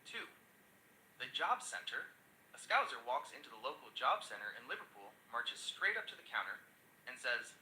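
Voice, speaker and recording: A man's voice: mid-range voice, sing-song, normal speed, pushed and bright, echoey room, a little hiss or hum, poor audio. A male synthetic voice telling jokes in an upbeat, chatty storytelling manner. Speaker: AI joke teller. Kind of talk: scripted joke narration.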